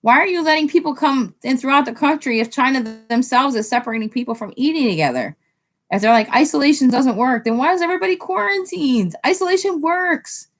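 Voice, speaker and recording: Chatty woman live-streaming to viewers. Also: fairly quick. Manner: chatty, talks straight to viewers in the chat; excitable, often jumps up in pitch. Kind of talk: casual live-stream chat.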